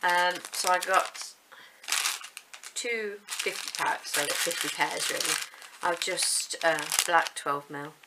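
A woman with a lowish voice unboxes yarn for her vlog, chatting casually and slowly, rambling a little and poking fun at herself. The recording is very noisy.

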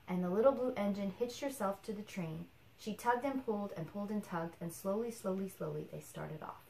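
Woman, reading a picture book aloud, expressive, patient, roomy echoing room. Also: mid-range voice, fairly quick, gravelly. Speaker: children's book reader. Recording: roomy echo.

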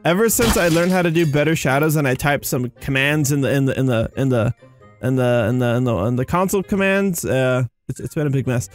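A young man giving casual, rambling commentary on his game, excitable and tired, with faint music behind him. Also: mid-range voice, brisk. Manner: excitable, rambling, says "dude" and "you guys". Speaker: gaming YouTuber.

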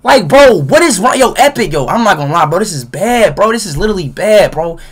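A young man streaming a game, talking in an excitable, exasperated, profane way that keeps breaking into shouts. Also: sits high, a little fast, husky. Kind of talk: live game-stream commentary.

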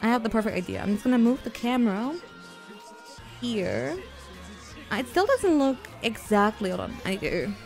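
A young woman livestreaming a VR game in casual chatter, excitable and swearing, with frequent giggles and shrieks. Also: on the high side, moderate pace, creaky, pauses often, faint music behind. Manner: giggly, jokey rambling. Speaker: streamer. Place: at home, playing in VR.

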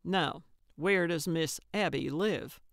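A woman's voice: deep voice, slow pace, no echo, studio quality. A woman voicing a patient, tactful man who answers dryly and placatingly in a storybook reading. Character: patient, tactful younger man, her driver.

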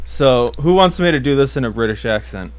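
A man's voice: medium pitch, animated, a little fast, clear, resonant tone, no room sound. A young man hosting casual group banter, reading a story aloud while laughing and being interrupted. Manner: laughing, playful, often interrupted.

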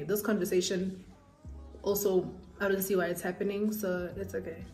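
A young woman vlogger telling a personal story while doing makeup, chatty and animated with lots of fillers. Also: medium pitch, normal speed. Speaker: beauty vlogger. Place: room lit by softbox lights. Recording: echoey room, faint music.

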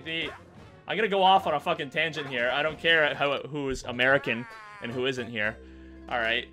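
A Canadian man commentating his gameplay casually, swearing freely, ranting and laughing as he talks to his viewers. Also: mid-range voice. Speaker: gaming streamer.

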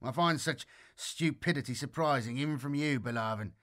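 A man's voice: medium pitch, normal speed, fairly bright tone, natural voice. A man voicing a cynical, sardonic male veteran soldier who mocks his comrades in a dry, sneering tone.

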